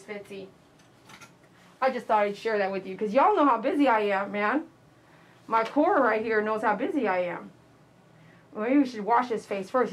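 Woman, dog groomer, live-stream chat, slightly high voice, animated storyteller. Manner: chatty and animated, mimics callers loudly. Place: grooming salon.

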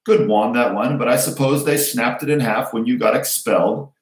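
A man reading aloud, voicing an old male wandmaker who speaks softly, draws out his words and turns stern and probing. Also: medium pitch, natural voice. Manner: soft and drawn-out, suddenly stern. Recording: roomy echo.

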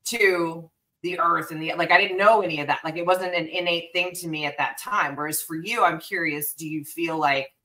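A woman co-host asks long, winding questions and chats freely as she goes. Her voice is low for a woman but bright and clear. She sounds set back from the microphone. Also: far from the mic, low-quality recording. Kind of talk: casual chat.

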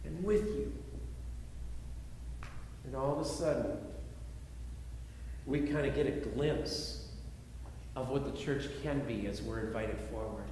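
A man pastor preaching a sermon in an earnest way, repeating phrases and shifting between loud appeals and quiet reflection, in a large church sanctuary. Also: mid-range voice, takes it slowly, pauses often. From United States. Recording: echoey hall, faint background noise.

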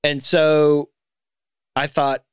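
A man's voice: a little high, level tone, very slow, clear, resonant tone, dry recording, clean studio sound. A man hosting a podcast in a casual, chatty way, laughing easily and often restarting his sentences. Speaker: podcast host.

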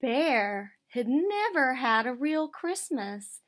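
Expressive woman reading a storybook. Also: sits high, slow pace. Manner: warm, expressive storytelling, asks questions of children. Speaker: teacher reading to children. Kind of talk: picture book read-aloud.

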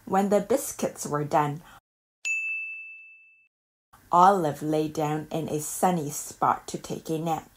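Slow, calm woman reading a storybook. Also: sits low. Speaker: storybook reader. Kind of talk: children's book read-aloud.

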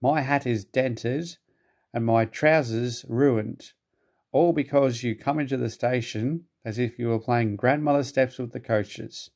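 A man voicing a stern, pompous railway controller in a storybook reading, speaking crossly and deliberately. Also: mid-range voice, darkish tone.

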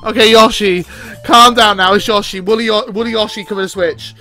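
A man watching a game showcase and reacting out loud, excited, swearing and talking to himself. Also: high-pitched, brisk, soft background music. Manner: excitable, shouting and swearing in bursts. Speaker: reaction video maker. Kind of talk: live reaction commentary.

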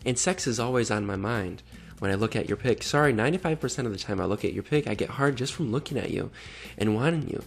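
A man's voice: lowish voice, expressive, quick pace, creaky, slightly rough. A man hosting a channel that exposes online predators. He reads chat messages aloud in casual commentary, and his tone is sarcastic and exasperated.

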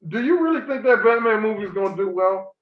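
High-voiced man ranting in an echoey room. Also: lively intonation, fast. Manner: ranting, profane, swings loud and high when worked up. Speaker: podcast co-host. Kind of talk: heated casual chat. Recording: echoey room, dull lo-fi sound.

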